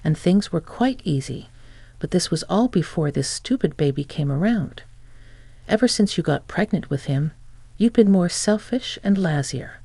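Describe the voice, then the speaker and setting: A man's voice: high voice, expressive, normal speed, gravelly, dark tone, no echo, full character voice. A reader voicing a scornful, selfish young husband who talks down to his wife, in a storybook narration. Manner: contemptuous, sneering.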